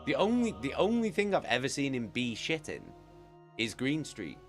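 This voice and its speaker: A man's voice: mid-range voice, wildly swooping pitch, moderate pace, faint music behind. A British man chatting casually with viewers as a streamer, rambling and swearing freely. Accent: British English. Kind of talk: casual chat.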